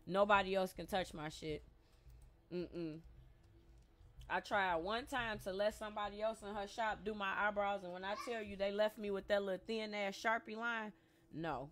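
A young woman live streaming a game, chatting casually with her squad, blunt and profane, breaking into loud laughs. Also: medium pitch, normal speed. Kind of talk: casual gaming stream chat. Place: at home in a gaming chair.

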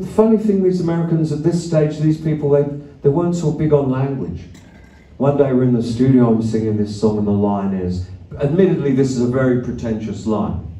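Mellow older man telling stage stories. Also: lowish voice, fairly even intonation, moderate pace. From Australia. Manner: rambling, wry anecdotes with swearing and chuckles. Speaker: musician on stage. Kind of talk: stage banter between songs. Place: arts centre concert hall. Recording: echoey venue from a distant mic.

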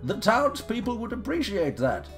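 A man's voice: sits high, wildly swooping pitch, moderate pace, fairly bright tone, faint music behind, pitched above the performer's own voice, full character voice. A man voicing a fussy older male village mayor in a farming game, with a thick put-on caricature accent and an officious, chatty manner.

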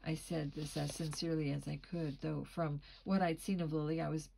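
Audiobook reader, woman, slightly low pitch, steady pacing, small stumbles. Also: normal speed, gravelly, slight background noise, rough recording. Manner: steady reading with occasional slips and restarts. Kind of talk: storybook narration.

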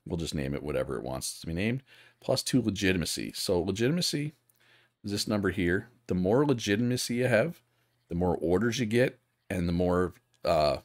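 Low-voiced man streaming a strategy game. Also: no room sound, studio quality. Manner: casual, thinking aloud, reads chat and answers viewers. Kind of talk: live gameplay commentary.

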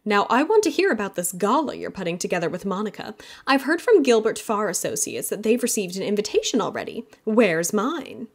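A woman voicing a glamorous, teasing rich aunt in an audiobook, lively and loud. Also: mid-range voice, fairly quick.

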